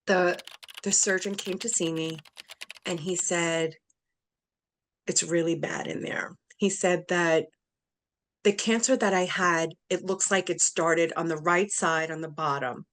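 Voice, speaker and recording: A woman's voice: on the low side, fairly bright tone. A middle-aged woman sharing a personal story as an interview guest, speaking with emotion and acting out the voices of the people in it. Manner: emotional, acts out quoted voices.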